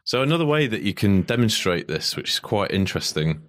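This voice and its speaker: A man's voice: lowish voice, a little fast. A man co-hosting a podcast, chatting casually and joking about a science demonstration. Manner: joking, lively, easygoing. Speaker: podcast co-host.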